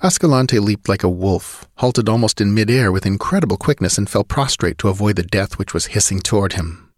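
A man's voice: fairly low pitch, fairly quick, dry recording, clean studio sound. A man narrating a sword-and-sorcery audiobook with vivid, driving storytelling.

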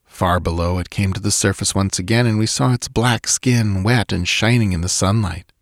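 A man narrating a story in a measured, deliberate reading. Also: deep voice, no room sound, clean studio sound. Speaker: audiobook narrator.

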